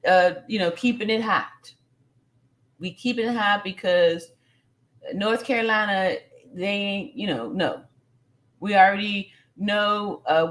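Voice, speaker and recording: A woman's voice: mid-range voice, a bit bright. A woman hosting a casual live stream, reading viewer comments aloud and repeating phrases for emphasis, with plenty of fillers.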